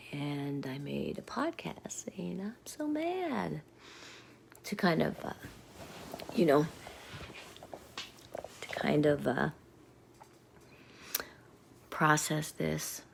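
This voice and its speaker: A middle-aged woman rants to her viewers in a low, gravelly voice. She is angry and rambling, and she keeps sinking into muttered whispers. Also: extremely slow, long pauses, slight background noise. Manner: rambling and agitated, often dropping to a muttered whisper. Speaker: vlogger. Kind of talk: angry personal rant to viewers.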